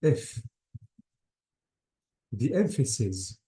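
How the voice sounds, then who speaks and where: A man's voice: mid-range voice, sing-song, very slow, dark tone. A man teaching an English grammar lecture to a class, often repeating words and calling students "guys". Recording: roomy classroom echo.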